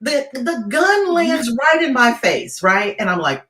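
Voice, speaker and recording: A woman tells a gripping story in an interview, her pitch swinging widely as she builds tension. She keeps tossing in "right?" to pull the listener along, and her voice carries a roomy echo. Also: measured pace. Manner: animated, keeps checking in with "right?". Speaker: guest keynote speaker.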